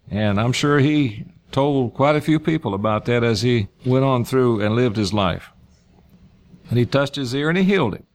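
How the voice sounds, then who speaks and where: A man with a mid-range voice teaches from the pulpit, working through a passage verse by verse. He reads each verse aloud, then restates it in casual everyday wording. He drives points home by saying key phrases twice. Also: medium pitch. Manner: reads scripture aloud then paraphrases it in plain speech; repeats key phrases for emphasis. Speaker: preacher.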